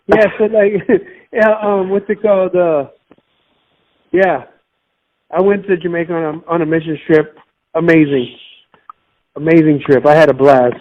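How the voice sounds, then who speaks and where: A man's voice: a little high, lo-fi sound. A man from Miami chatting on a podcast, telling stories in a rambling way. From Miami, United States. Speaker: podcast co-host. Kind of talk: casual chat.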